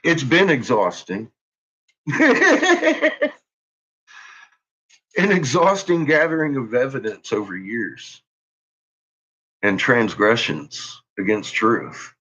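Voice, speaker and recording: The man's husky, medium-pitched voice is bright and forceful, sing-song and slow, with long pauses. Hosting his own channel, he rants in anger at the camera, tense and jittery, with profanity and threats. The lo-fi recording sounds dull.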